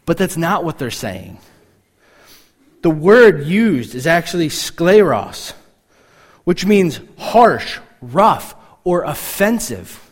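A man's voice: fairly high pitch, sing-song, slow. A man preaching a casual, conversational sermon, often acting out the reactions of listeners in short quoted asides. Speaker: pastor.

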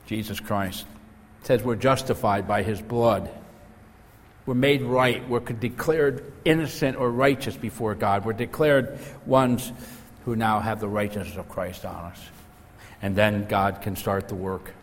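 A man's voice: on the low side, a little slow. A male pastor preaching an earnest sermon and telling stories. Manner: earnest preaching, storytelling with acted quotes. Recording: echoey hall, faint noise.

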